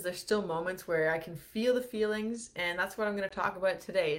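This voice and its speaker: A young woman chatting casually on a livestream as the host, talking freely with many fillers and acting out her own anxious thoughts. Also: lowish voice.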